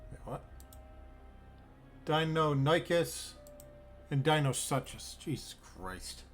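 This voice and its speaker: Over soft background music, a man speaks slowly in a fairly high voice with lively intonation. He's streaming a zoo-building game, rambling bemusedly to himself and cursing often as he offers casual commentary on his play.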